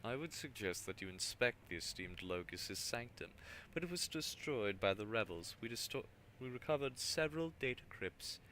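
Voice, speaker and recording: A man's voice: mid-range voice, lively intonation, moderate pace, sharp tone, slight background noise, pitched above the performer's own voice. A man voicing a harried male planetary governor, reading the lines in a tired, put-upon way. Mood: reporting.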